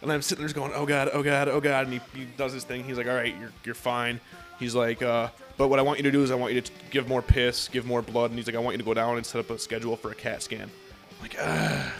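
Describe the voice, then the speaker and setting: A man's voice: medium pitch, fast, soft background music. A young man telling a long story in casual chat, swearing often and acting out what others said. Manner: profane, animated storytelling with acted-out quotes.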